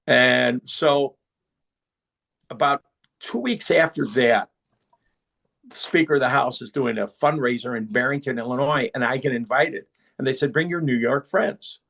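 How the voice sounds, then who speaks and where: Guesting on a podcast, a middle-aged man with a gravelly, mid-range voice tells stories casually and with animation, imitating the voices of those he quotes. He talks a little slowly and pauses often.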